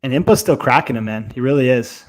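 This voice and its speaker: A man's voice: medium pitch, animated, fast. A young man co-hosting a fight watch-along, chatting loosely with swearing and lots of fillers. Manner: loose and profane, with many fillers. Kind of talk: casual live fight commentary.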